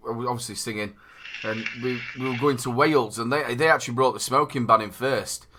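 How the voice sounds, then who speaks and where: A man's voice: mid-range voice, fairly quick, bright, forceful tone, a little hiss or hum. A man with a Northern English accent hosting a casual vape chat show, talking chattily with repeated words. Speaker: podcast host.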